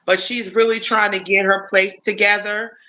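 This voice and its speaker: A woman's voice: medium pitch, flat delivery, moderate pace, bright, forceful tone, poor audio. A woman in her fifties chatting casually on a live stream, rambling through stories with lots of restarts. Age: 50s.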